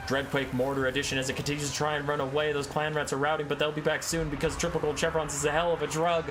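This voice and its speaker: A man narrating a story and then giving lively play-by-play commentary on a strategy game battle. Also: a little high, fast talker, noisy background.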